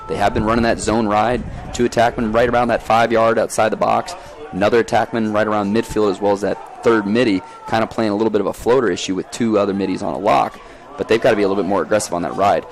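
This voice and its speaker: Fast-talking low-voiced man calling lacrosse. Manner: energetic, folksy, rapid play-calling. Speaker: lacrosse play-by-play commentator. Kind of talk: live sports commentary. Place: outdoor lacrosse game.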